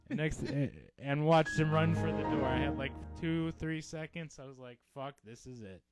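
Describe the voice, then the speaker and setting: Animated swearing podcast co-host man. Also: normal speed, soft background music. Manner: animated storyteller, swears freely, drops to low mumbles. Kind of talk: casual comedic chat.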